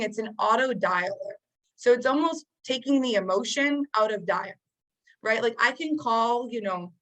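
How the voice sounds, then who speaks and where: A woman with a slightly high voice runs a sales training session over a video call. She coaches in a casual, upbeat way, filling pauses with fillers as she explains her daily routine. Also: a bit bright, low-quality recording.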